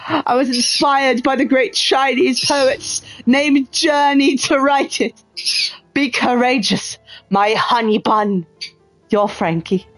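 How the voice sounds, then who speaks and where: A woman's voice: high-pitched, takes it slowly, faint music behind, voice pushed up, rough recording. A woman voicing a lovesick young male prison guard in a put-on British accent, reading his love letter in a theatrical, gushing way. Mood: playful. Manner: theatrical, gushing, sing-song.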